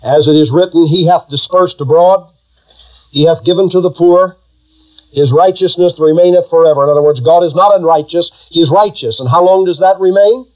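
A man's voice: a little high, brisk, darkish tone, low-quality recording. A male pastor preaching a sermon, building emphasis through repetition and leading the congregation in call-and-response.

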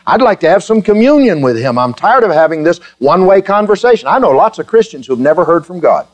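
A man's voice: sits high, very animated, quick pace. A man preaching a sermon to his congregation, joking with them in a chatty way and then building to fervent, emphatic preaching. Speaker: pastor.

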